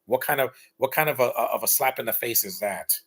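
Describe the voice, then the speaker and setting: A man's voice: mid-range voice, a little fast. A man giving casual, blunt and rambling live commentary while rewatching a film. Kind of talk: casual opinionated watch-along commentary.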